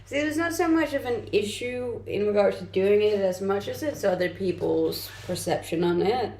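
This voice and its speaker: A young woman streamer from Denmark, her English carrying a mixed, Danish-tinged accent, chats easily with her viewers and reads their messages aloud. Her voice has a gravelly fry to it and sits at a middling pitch. The room around her sounds echoey. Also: animated, moderate pace, a little mellow. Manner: chatty, reads chat aloud and answers with light laughs. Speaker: streamer and content creator. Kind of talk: casual livestream chat. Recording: roomy echo.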